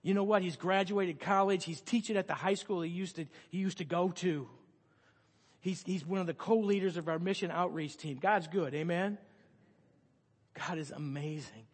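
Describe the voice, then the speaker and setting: A middle-aged man preaches a story-filled sermon, his voice sitting a little high for a man. He swings between loud, excited retelling and soft, hushed moments, with a long reverb trailing off his words in the hall. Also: moderate pace. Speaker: pastor.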